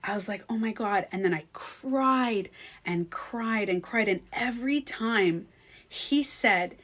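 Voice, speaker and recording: A woman vlogger telling a personal story in casual chat, animated and swearing freely. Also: mid-range voice, takes it slowly. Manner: animated, swears freely, acts out quoted speech. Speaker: beauty coach vlogger.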